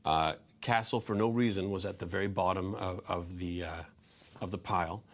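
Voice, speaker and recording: A man's voice: deep voice, fairly even intonation, normal speed. A man in his forties, an actor guest answering interview questions, self-deprecating and hesitant with many restarts.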